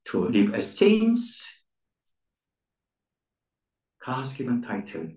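A man's voice: medium pitch, huge pitch swings, drawn-out words, darkish tone. A man preaching a sermon as pastor, emphatic, repeating key words with rising stress. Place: church centre. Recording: echoey room, voice from far off.

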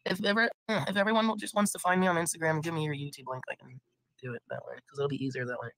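A woman live streaming with a hoarse voice from being sick, rambling casually, laughing and swearing now and then. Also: sits low, steady tone, fast, rough recording. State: hoarse from illness.

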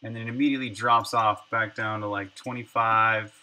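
Game dev on a live stream, very bright cutting tone, muttering thoughts aloud as he works. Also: lowish voice, flat delivery, brisk. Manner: thinks aloud, trailing off and muttering numbers. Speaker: indie game developer streaming his work. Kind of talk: casual livestream chat while working.

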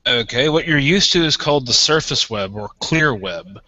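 Guy with a bright forceful voice laying out how stuff works, dry muffled line. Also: mid-range voice, expressive, moderate pace, no echo. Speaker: guest explaining a topic. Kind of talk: casual explanation.

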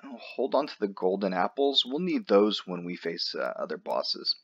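A man's voice: on the low side, sing-song, normal speed, bright, forceful tone, breathy edge, dull audio. A man hosting a gaming channel, talking casually through his play with joking asides to himself. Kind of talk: casual let's-play commentary.

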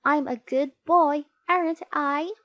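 A woman's voice: high voice, fairly even intonation, slow pace, fairly bright tone, slight background noise, voice pushed up. A woman voicing a prim, smug little boy who loves to tattle. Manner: sweet, self-satisfied, tattling.

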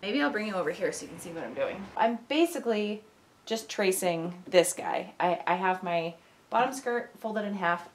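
A young woman talks through a sewing project in a casual, rambling way. She keeps cracking jokes at her own expense. She is recording on a camera mic in a costume workshop. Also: fairly low pitch. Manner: chatty, self-mocking, rambling asides. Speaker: sewing vlogger. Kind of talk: casual tutorial chat.

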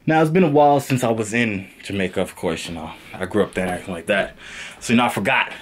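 A man's voice: lowish voice, quick pace. A young man vlogging at home, joking and bragging in playful casual banter. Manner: playful boastful banter with lively rises. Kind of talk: joking casual vlog chat. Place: home, indoors. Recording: echoey room with faint ambient noise.

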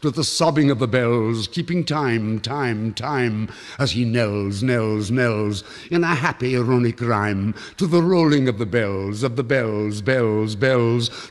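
A man giving a dramatic poetry recitation, theatrical, swinging between loud cries and hushed low passages. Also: slow, hardly any pauses. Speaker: reader of poetry. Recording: old record with long reverb.

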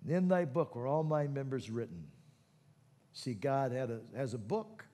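A man preaching a sermon, moving between quiet teaching and loud, fervent calls to prayer. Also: medium pitch, animated, a little slow, big-room sound. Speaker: pastor.

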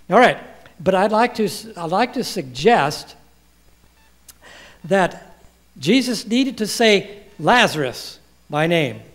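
A man preaching a sermon, quoting scripture and asking the congregation questions. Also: sits high. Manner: asks the congregation questions and pauses for replies; quotes scripture with rising emphasis.

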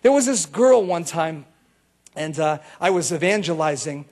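A male pastor preaching a sermon in an animated, storytelling way, with bursts of shouting. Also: on the high side, moderate pace.

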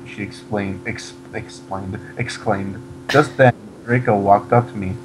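Man, comic fan fiction reading, deadpan delivery, low voice, faint hum. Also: unhurried, poor audio. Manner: deadpan reading, breaks off to mock the text. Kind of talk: comedic dramatic reading.

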